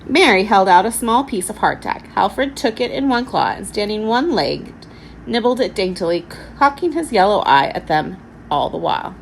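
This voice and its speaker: A woman teacher reading a children's storybook aloud with expressive narration. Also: mid-range voice, moderate pace, gravelly, slight background noise, rough recording.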